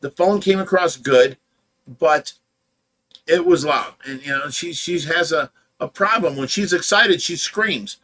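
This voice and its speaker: Ohio man, fish rescue host, higher pitch, edgy and bright, tired, defensive, blunt. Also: measured pace. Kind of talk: casual livestream chat.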